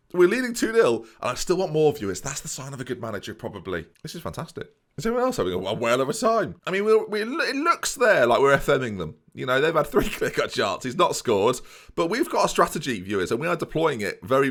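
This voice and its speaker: A man doing excitable let's play commentary, talking straight to his viewers with mock-boastful swagger. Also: medium pitch. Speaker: gaming YouTuber.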